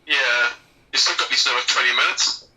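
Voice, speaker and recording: A man's voice: mid-range voice, quick pace, bright, forceful tone, recorded from a distance, poor audio. A man, co-hosting a casual film commentary podcast, jokey and teasing with frequent restarts. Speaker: podcast co-host.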